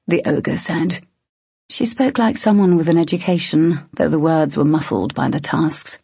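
A woman narrating a fantasy audiobook, with lively character voices. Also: sits low, vocal fry, husky, no room sound. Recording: dry, slightly dull close mic.

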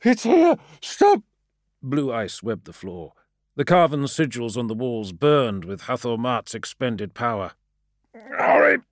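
A man narrating a fantasy audiobook in a steady, darkly dramatic way. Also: medium pitch, a little slow, dry recording, studio quality.

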